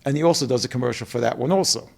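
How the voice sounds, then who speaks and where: A middle-aged man with a New York accent, a company co-president telling animated stories in an interview and acting out quotes. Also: medium pitch, racing, creaky. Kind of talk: storytelling interview.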